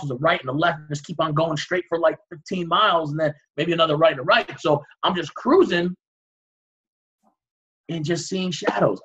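A man, a guest on an interview show, recounting a dramatic personal story with vivid, animated reenactments. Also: fairly high pitch, breathy edge, highs cut off.

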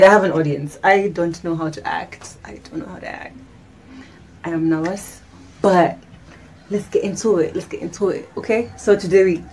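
A young Kenyan-accented woman talks casually to her vlog audience in a fairly low voice. She is chatty and laughs often, mixing English with Swahili slang. Faint background noise sits under her voice. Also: darkish tone. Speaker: vlogger. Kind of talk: casual chat.

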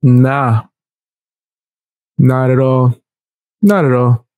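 A man's voice: medium pitch, drawn-out words, dry recording, phone-quality sound. A man casually reacting to a video clip, talking back to it with slang and jokes.

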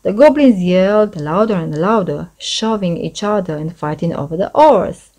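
A woman reading a children's storybook aloud, expressive and animated. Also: on the low side, moderate pace, a little hiss or hum.

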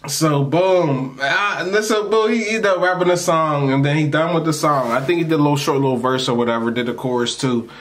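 A man's voice: on the high side, fairly quick, few pauses. Slangy, laid-back storytelling guy. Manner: slangy, loose, rambling delivery with frequent laughs; animated, acts out the people he quotes. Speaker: storytime vlogger. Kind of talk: casual storytelling to camera.

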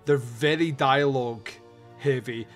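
A man's voice: mid-range voice, unhurried, faint music behind. A man hosting a podcast and chatting casually about a film, rambling, swearing and laughing often. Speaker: podcast host. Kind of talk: casual film review chat.

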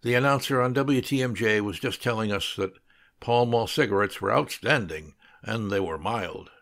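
A man narrating an audiobook with steady, scripted storytelling. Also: lowish voice, normal speed.

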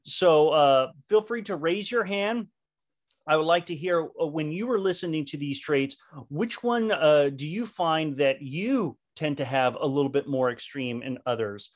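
A male leadership trainer speaks over a video call in a voice pitched somewhat high for a man. He is animated and chatty and often trips into fillers and restarts mid-thought. The delivery sounds like a live online class. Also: a little slow.

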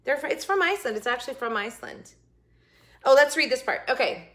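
A middle-aged woman hosting a casual food review vlog, chatty and jokey, with quick asides that sometimes drop to a whisper. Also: high-pitched, lively intonation, fairly bright tone. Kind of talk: casual chat to camera.

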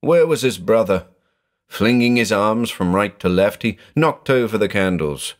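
A man with a very deep voice narrates a horror tale. He takes his time, letting each phrase land, and his pitch rises and falls with lively drama. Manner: dramatic, measured storytelling.

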